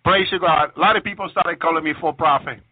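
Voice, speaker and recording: A man gives a fervent testimony sermon, circling back on his words and breaking into praise. His voice sits a bit high and comes through dry, with no room around it. The sound is narrow and phone-like, as on a radio broadcast. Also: fast, breathy edge, dry recording. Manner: fervent, repetitive, interjects praise. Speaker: preacher.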